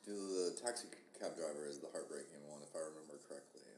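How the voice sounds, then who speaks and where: Man from Kansas, low voice, joking podcast host, roomy recording with light noise. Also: fast talker, a little mellow. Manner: wry, joking, teasing. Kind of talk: casual chat.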